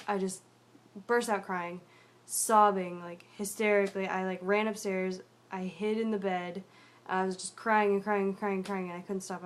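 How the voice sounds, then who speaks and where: A young woman telling a personal story in a video diary, rambling and confessional with many fillers, often dropping to a quiet mutter. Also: medium pitch.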